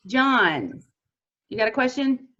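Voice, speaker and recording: A woman's voice: fairly high pitch, big pitch swings, drawn-out words, fairly bright tone. Woman hosting a muffled video call. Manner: friendly, encouraging moderator. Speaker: host.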